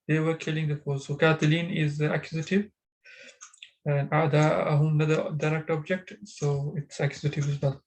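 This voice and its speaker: An Arabic teacher explains grammar in an online class, his pitch slightly raised and his delivery flat. He speaks haltingly, often pausing on fillers and restarting words, and the rough recording sounds like a video call.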